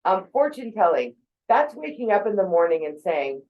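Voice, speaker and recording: A woman's voice: medium pitch, sing-song, normal speed, muffled recording. A woman in her forties giving a casual, conversational talk about thinking habits, with fillers and quoted asides. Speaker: speaker on mental health.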